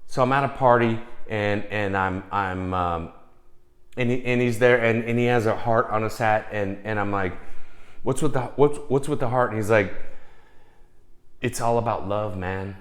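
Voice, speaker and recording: A man's voice: lowish voice, steady tone, normal speed, reverberant. Profane rambling man telling stories. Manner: rambling, profane, acts out quoted voices. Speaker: storyteller. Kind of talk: casual storytelling.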